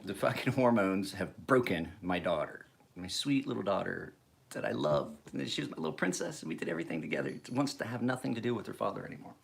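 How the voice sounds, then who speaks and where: A man's voice: low-pitched, expressive, fast talker, gravelly. A man in his forties rambling casually to camera, swearing freely and chuckling as he tells stories. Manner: profane, chuckling, rambling storyteller. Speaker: knife sharpener vlogger.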